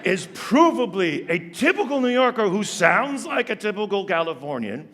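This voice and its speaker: A man doing stand-up comedy on a theater stage, animated and ironic as he talks to the audience. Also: high voice, moderate pace. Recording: long reverb of a stage hall.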